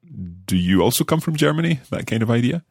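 A man's voice: mid-range voice, big pitch swings, brisk, gravelly, a little mellow, breathy edge, no echo, studio quality. A man from Scotland taking part in a language lesson as the learner, asking curious follow-up questions. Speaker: learner co-host.

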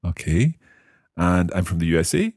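A man hosting a language lesson podcast, asking questions and slowly repeating practice phrases after the teacher. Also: deep voice, big pitch swings, a little mellow, dry recording, clean studio sound. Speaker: podcast host learning Mandarin.

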